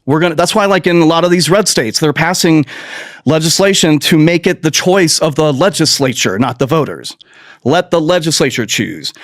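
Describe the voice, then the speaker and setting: A man's voice: a little high, big pitch swings, moderate pace, dry recording, clean studio sound. A man hosting a podcast, delivering a profane, sarcastic political rant full of mocking mimicry. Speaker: podcast host.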